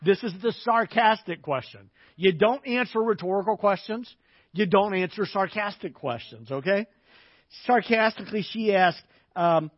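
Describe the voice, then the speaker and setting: A man's voice: sits high, lively intonation, normal speed, no echo. A male pastor preaching a sermon in a conversational way, often checking in with his listeners. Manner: conversational, frequent "okay?" check-ins. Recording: slightly dull, dry sound.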